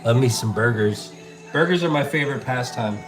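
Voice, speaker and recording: This cooking livestreamer speaks briskly and expressively at a medium pitch, with music playing behind him. Relaxed and talkative, he reads and responds to viewer comments, tossing out bro and dude as he chats.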